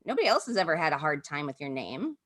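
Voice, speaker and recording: Over a video call, a woman pastor guides listeners through a vivid story told in the second person, speaking intimately and conversationally with many fillers. Her voice sits low, swings widely in pitch, and moves at a quick pace.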